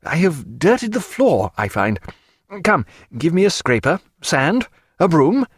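A man's voice: fairly high pitch, sing-song, unhurried, slightly rough, pitched above the performer's own voice, exaggerated voice. A man voicing an irritable, learned ship's doctor who whines and snarls. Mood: earnest. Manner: snarling, whining, fussy.

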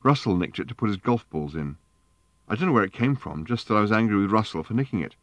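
A man's voice: fairly low pitch, animated, fast talker, no room sound, dull audio, pitched above the performer's own voice. A man voicing a wistful, uneasy young woman. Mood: indignant.

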